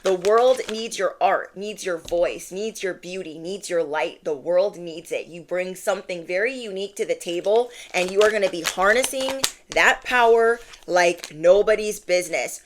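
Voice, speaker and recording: A woman's voice: lowish voice, moderate pace, few pauses, background noise. Emphatic woman giving a spiritual reading. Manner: emphatic, repeats phrases, playful slang. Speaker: intuitive tarot reader.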